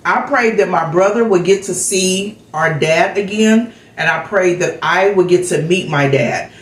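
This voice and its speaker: A woman's voice: fairly low pitch, unhurried. Candid middle-aged woman in a roomy space. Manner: candid, chatty storyteller. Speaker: vlogger. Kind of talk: casual chat vlog.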